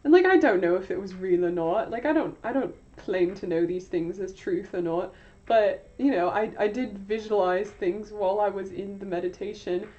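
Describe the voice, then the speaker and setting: A woman's voice: mid-range voice, normal speed, warm tone. A tired young woman chatting on a livestream in a put-on British accent, rambling and self-mocking. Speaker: livestream host. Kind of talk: casual livestream chat. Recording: dull lo-fi sound, faint music behind.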